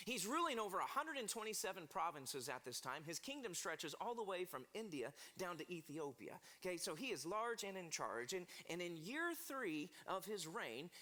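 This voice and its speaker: Animated, bright-voiced preacher. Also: male voice, extremely high pitch. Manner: animated storytelling, calls on the congregation to repeat words. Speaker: pastor. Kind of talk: sermon. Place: church sanctuary.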